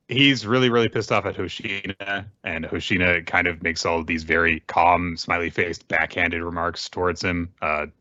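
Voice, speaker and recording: A man hosting a podcast, casually recapping a manga chapter, rambling and swearing, with quick playful impressions of the characters. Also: sits low, sharp tone, no room sound, dull audio. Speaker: podcast host.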